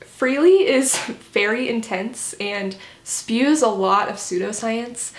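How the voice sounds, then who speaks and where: Woman vlogger, pointed and sarcastic commentary, slightly high voice, echoey room. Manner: critical, sarcastic, explanatory. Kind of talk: scripted video commentary.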